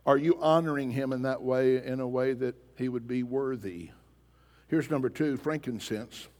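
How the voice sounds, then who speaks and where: Male pastor, mid-pitched, emphatic sermon delivery with rhetorical questions, long hall reverb. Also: normal speed, darkish tone. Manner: emphatic, asks the congregation pointed rhetorical questions. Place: church sanctuary.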